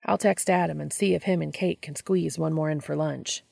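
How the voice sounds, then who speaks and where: An easygoing young man, friendly and a little flustered, as a woman reads him aloud. His voice comes across low, with a strong gravelly edge. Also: steady tone, moderate pace, darkish tone, dry recording, clean studio sound, full character voice. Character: easygoing young adult man, good-natured brother.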